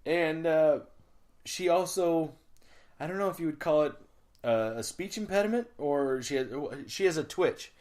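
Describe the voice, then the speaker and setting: A man in his thirties rambles through a loose podcast chat. He swears freely, laughs often and stops now and then to clear his throat. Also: a little high, normal speed, darkish tone. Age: 30s. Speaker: podcast co-host. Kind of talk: casual chat.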